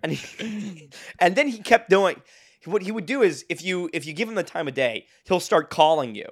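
A man's voice: high-pitched, expressive, moderate pace. A young man co-hosting a podcast, telling a rambling story in casual chat, laughing often and restarting his sentences. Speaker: podcast co-host.

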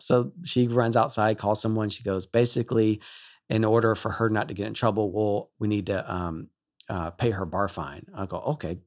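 A male worship leader, a guest on a talk show, telling an emotional story in an animated way and laughing often. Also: lowish voice, normal speed.

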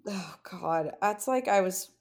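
A woman's voice: medium pitch, animated, measured pace. A young woman co-hosting a podcast, chatting conversationally with frequent fillers. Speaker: podcast co-host. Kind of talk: casual chat.

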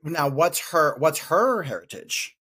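A man's voice: fairly high pitch, lively intonation, slow, pushed and bright, breathy edge. A man co-hosting a podcast in casual chat, reflective and given to playful teasing. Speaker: podcast co-host.

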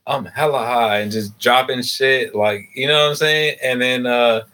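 A man's voice: mid-range voice, normal speed, bright, forceful tone, clean tone. A man co-hosting a casual podcast, slangy and hesitant, laughing often as he tells a story. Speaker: podcast co-host. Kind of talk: casual chat.

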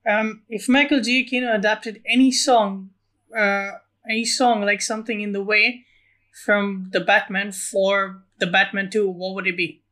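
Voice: mid-range voice, fairly even intonation, unhurried, bright, forceful tone. A podcast co-host who asks the questions in brief, casual chat.

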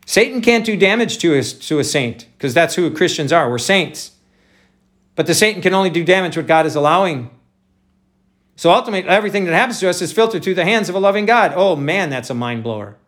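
Male pastor, slightly high voice, easygoing conversational sermon delivery. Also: lively intonation, a little fast, fairly bright tone. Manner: conversational preaching, addresses listeners as folks.

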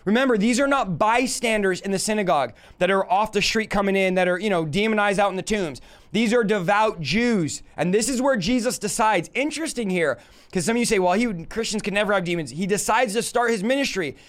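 A man's voice: sits high, a little fast. A man preaching a live-stream Bible teaching, emphatic and full of rhetorical questions to his audience.

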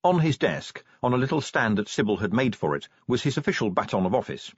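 A man narrating an audiobook in a dry, expressive storytelling manner. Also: medium pitch, fairly quick, slightly rough, no room sound, muffled recording.

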